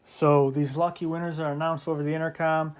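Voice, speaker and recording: In a recorded math lecture, the instructor speaks briskly in a fairly high, clean voice with flat delivery. He explains step by step in a conversational way, joking aside and often asking "right?".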